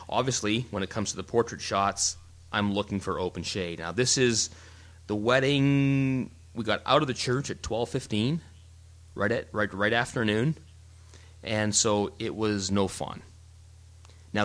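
In a casual podcast conversation, a man with a somewhat low voice walks through his photo shoots. He's animated and rambling, frequently starting his sentences over.

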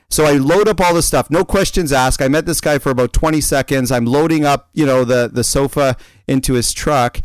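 A man in casual chat, telling a rambling personal story in an animated way, with many restarts. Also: mid-range voice, moderate pace, smooth, no room sound.

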